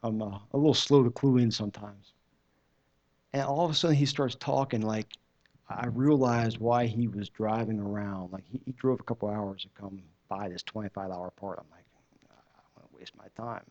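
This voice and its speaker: Through a dull, muffled recording, a man with a lowish, darkish voice speaks at normal speed, giving a personal testimony at church. He tells it in a relaxed, conversational style with many restarts.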